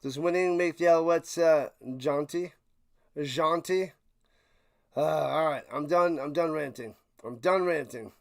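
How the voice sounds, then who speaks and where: A high-voiced man calls football plays live for his stream's watch party. He rants and repeats himself, jumping from shouted outrage to low grumbling mutters. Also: a little slow, creaky. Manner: excitable, swings from ranting shouts to low mutters; repeats himself while ranting. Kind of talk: live play-by-play and reaction commentary.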